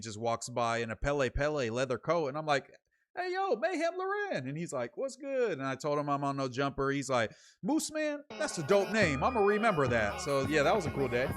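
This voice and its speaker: A man's voice: mid-range voice, fairly bright tone. A young man from Sacramento hosting his own livestream, reading viewer comments and telling rambling, slangy stories full of fillers. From Sacramento, California. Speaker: streamer hosting a late show.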